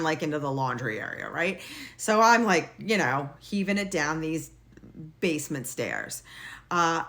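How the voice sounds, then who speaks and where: A middle-aged woman casually telling a personal story in a blunt, lively way, swearing now and then. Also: mid-range voice.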